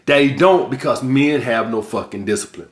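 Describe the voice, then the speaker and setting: A middle-aged vlog host with a medium-pitched voice lectures his viewers bluntly at a normal speed, swearing heavily and speaking with emphasis. It's a casual, blunt monologue recorded in an echoey room.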